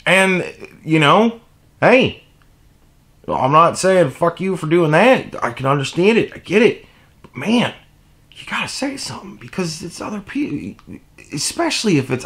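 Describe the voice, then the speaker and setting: A man's voice: fairly high pitch, big pitch swings, normal speed. Fired-up profane man ranting solo. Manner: heated, profane, swinging from loud indignation to muttering. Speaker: podcast host. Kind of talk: solo opinion rant.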